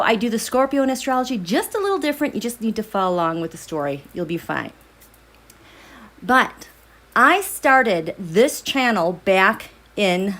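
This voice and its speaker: A middle-aged woman hosting a tarot and astrology livestream, chatty and excitable, a little out of breath, with stumbling restarts. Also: on the high side. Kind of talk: casual livestream chat.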